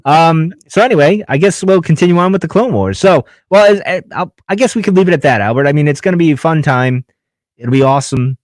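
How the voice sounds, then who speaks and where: A man's voice: on the high side, animated, fast talker, no room sound, studio quality. A man hosting a podcast in casual chat, rambling with fillers and restarts. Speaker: podcast host.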